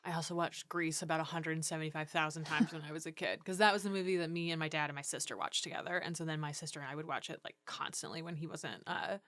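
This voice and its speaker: A woman's voice: low voice, steady tone, quick pace, hardly any pauses, a bit bright, no echo. A woman co-hosting a casual podcast chat, laughing often and swearing freely. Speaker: podcast co-host.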